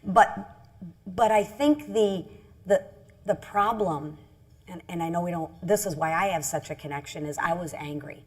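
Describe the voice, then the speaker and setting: A middle-aged woman, a congresswoman, telling a personal story on a panel in an earnest, halting way with many restarts. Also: lowish voice, husky. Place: event stage.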